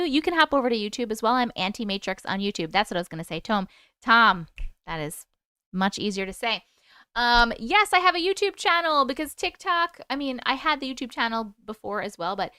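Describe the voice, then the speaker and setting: A woman's voice: a little high, pushed and bright, clean tone, no room sound, clean studio sound. A woman with a New York accent hosting a casual livestream, chatting away, greeting viewers by name and swearing now and then. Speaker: livestream host and storyteller.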